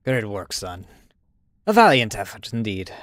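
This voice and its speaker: A man reading an army officer's briefing to a young private in a put-on accent, low and dry. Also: very animated, a little slow, fairly bright tone, no echo. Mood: grave.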